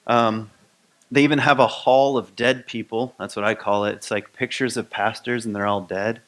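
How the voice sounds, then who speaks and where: A man from Michigan giving a conversational sermon to his spiritual community, relaxed and rambling with many ums and restarts. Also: on the low side, moderate pace. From Grand Rapids, Michigan.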